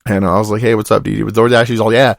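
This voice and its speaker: A man's voice: fairly low pitch, flat delivery, quick pace, gravelly, no room sound, studio quality. A young man telling a long rambling story on a podcast, swearing often and dropping his voice to quote other people. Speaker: podcast host. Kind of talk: casual storytelling.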